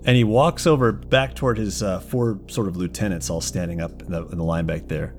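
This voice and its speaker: A man narrating a tabletop game as game master, with profane, animated storytelling. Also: low voice, a little fast, soft background music.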